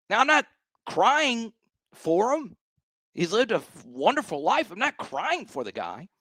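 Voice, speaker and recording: A man's voice: high voice, very animated, measured pace, bright, forceful tone, no echo. A man hosting a sports talk show, ranting with emphatic, exasperated repetition.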